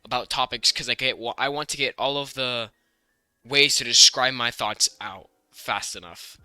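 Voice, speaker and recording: A young American man co-hosting a podcast in casual chat, rambling with many restarts and quick bursts of speech. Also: medium pitch, bright, forceful tone, smooth, no room sound, clean studio sound. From United States. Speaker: podcast co-host.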